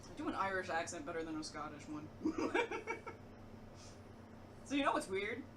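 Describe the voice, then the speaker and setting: Lively laughing woman, off-mic. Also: lowish voice, moderate pace, recorded from a distance. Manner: laughs often, swears freely, playful. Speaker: friend in the streamer's room. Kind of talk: casual chat during a game stream. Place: indoor room with the streamer. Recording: off-mic with background noise.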